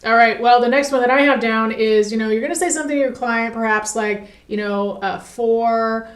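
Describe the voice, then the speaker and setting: A woman's voice: a little high, fairly even intonation, fairly quick. A woman co-hosting an instructional podcast chat as a hypnotist, upbeat and conversational, turning to her partner for input. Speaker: hypnotist co-host. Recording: echoey room.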